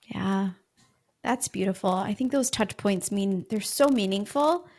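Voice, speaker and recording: A woman podcast host in a casual conversation, affirming and animated as she responds. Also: medium pitch, measured pace.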